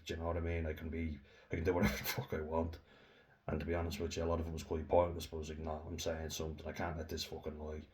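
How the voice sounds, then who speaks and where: Deep flat-voiced Irish man ranting. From Ireland. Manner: heated, sweary, laughs between lines. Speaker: vlogger. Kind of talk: casual storytelling monologue.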